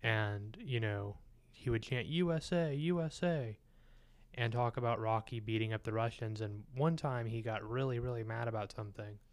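A man's voice: lowish voice, flat delivery, moderate pace. A man co-hosting a film podcast, telling stories and joking in casual chat. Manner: storytelling, joking. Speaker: podcast co-host.

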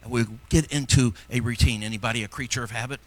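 A middle-aged man preaching a sermon as pastor, fervent, shifting between loud exhortation and quiet asides. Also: medium pitch, fairly even intonation, fast.

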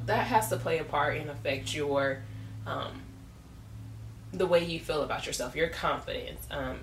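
Low-voiced chatty woman, roomy echo. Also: a bit bright, slight background noise. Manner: chatty, laughs often, colloquial asides. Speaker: podcast host. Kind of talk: casual devotional teaching. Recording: roomy echo, distant from the mic.

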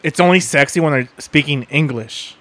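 A man's voice: on the high side, a bit bright. A man co-hosting a podcast in casual chat, cracking profane jokes and laughing along. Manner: slow, wisecracking, profane, laughing. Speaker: podcast co-host.

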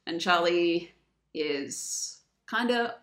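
A woman co-hosting a podcast, recapping a story in casual chat, animated and laughing as she acts out the quotes. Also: on the low side, extremely slow. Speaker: podcast co-host. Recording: roomy echo.

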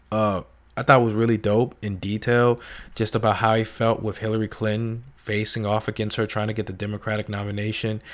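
A young man giving a casual, slangy spoken book review, acting out quoted lines in raised, animated voices. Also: on the low side. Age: young adult.

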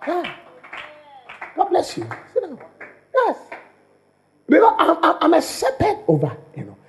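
A man preaching in an animated, repetitive way, often stumbling and restarting his words. His voice sits high and swings widely in pitch. He takes his time, with a slow, unhurried delivery. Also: soft background music. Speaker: pastor. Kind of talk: sermon.

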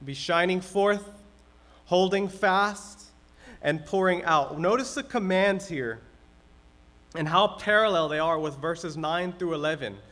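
A man's voice: high-pitched, a little slow, fairly bright tone. A man pastor preaching a sermon in a conversational way, acting out everyday complaints.

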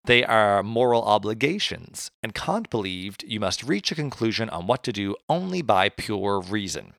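A man's voice: on the low side, very animated, normal speed, gravelly, fairly bright tone, no room sound, clean studio sound. A man, co-hosting a podcast and casually explaining philosophy, self-deprecating and tripping over hard words. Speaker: podcast co-host.

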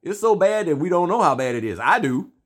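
A man's voice: high-pitched, fairly quick, no room sound, studio quality. A man talking in a casual, profane, rambling monologue, filling his talk with "you know what I'm saying" and breaking into laughs. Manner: animated, often laughing between points.

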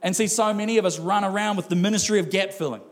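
A man's voice: sits high, quick pace. A male pastor preaching a sermon in a conversational way, with laughing asides and acted-out quotes.

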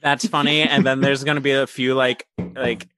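A man's voice: mid-range voice, flat delivery, moderate pace, bright, forceful tone, clear, resonant tone, no echo. A man co-hosting a podcast in casual, joking chat, laughing along with the others.

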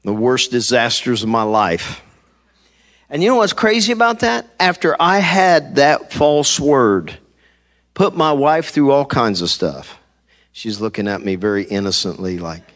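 Expressive and unhurried, with a medium-pitched, fairly bright voice, a middle-aged pastor delivers his sermon from the church stage via a handheld mic. For the congregation he spins comic stories, acting out each quoted person.

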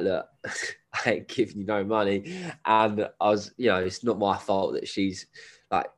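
A man, telling a story as a podcast guest in a casual, laddish way with plenty of swearing and slang; he has a cold. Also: low-pitched. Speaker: guest, endurance runner.

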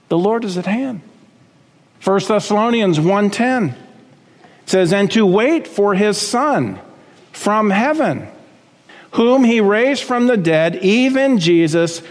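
A man preaching a sermon as pastor, emphatic, climbing high on key words and dropping low again. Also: in a large hall.

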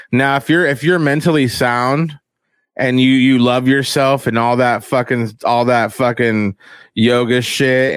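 A young man with a clean-toned voice, recorded dry, rambles through a crude, profane casual chat. He mimics other people in high voices.

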